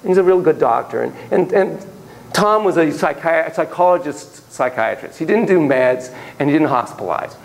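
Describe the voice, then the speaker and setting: Animated man lecturing a class. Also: a little high, moderate pace, gravelly, rough recording. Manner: animated, acts out quoted voices, laughs and digresses. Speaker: psychology lecturer.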